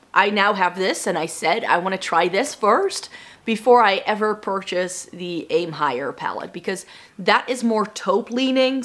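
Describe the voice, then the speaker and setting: Woman vlogger, voice still a bit raspy from illness; relaxed, rambling, thinks out loud. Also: medium pitch. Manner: chatty, rambling, thinking aloud. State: recovering from lost voice, a little raspy. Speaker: beauty vlogger. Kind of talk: casual chat to camera.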